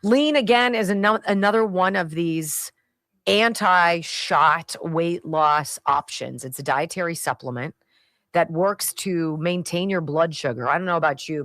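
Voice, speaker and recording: A woman's voice: low-pitched, a bit bright, no echo. A woman hosting a talk radio show, giving sarcastic, emphatic commentary and reading ad spots with a hard sell.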